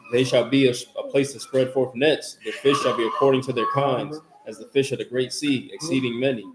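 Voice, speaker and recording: Man reading scripture in an echoey room. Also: medium pitch. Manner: steady, measured reading of old-style verses. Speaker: scripture reader in a Bible study. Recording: echoey room with background noise.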